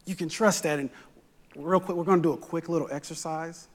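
A man's voice: fairly high pitch, fairly even intonation, a little fast. A male pastor preaching a sermon in a church sanctuary, with rhythmic, repetitive phrasing and call-and-response. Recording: echoey church hall.

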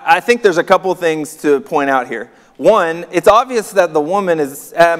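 Man preaching in a reverberant hall. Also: fairly high pitch. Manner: conversational, wry asides, reads verses aloud. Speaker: pastor. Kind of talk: sermon reading and commenting on scripture.

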